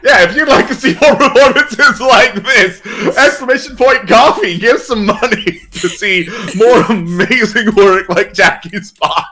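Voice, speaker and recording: A man chats casually as a guest on a stream, dropping deadpan jokes. His voice is unusually high and very bright. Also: unhurried, few pauses. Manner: deadpan joking. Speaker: guest singer.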